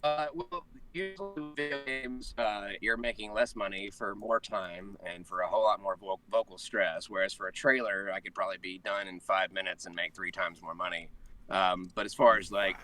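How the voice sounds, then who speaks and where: A man who works as a voice actor, chatting as an interview guest, animated and chuckling as he tells stories about his work. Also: on the low side, normal speed, far from the mic, faint music behind. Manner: animated, chuckles while telling anecdotes. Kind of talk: casual interview chat.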